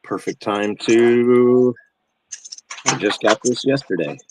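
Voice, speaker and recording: A man co-hosting a live stream on a video call, chatting in a relaxed, enthusiastic way. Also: mid-range voice, slow pace, slight background noise, rough recording. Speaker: stream co-host. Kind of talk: casual chat.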